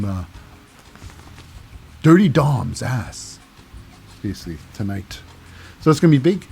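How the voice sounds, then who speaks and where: Husky-voiced man casually recapping wrestling. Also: medium pitch, darkish tone. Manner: rambling, lots of fillers and self-corrections. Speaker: recap show host.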